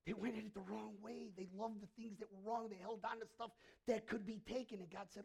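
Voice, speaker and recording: Man, pastor, husky, high-pitched, lively storytelling sermon. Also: fairly quick, few pauses. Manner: animated, conversational, acts out quotes.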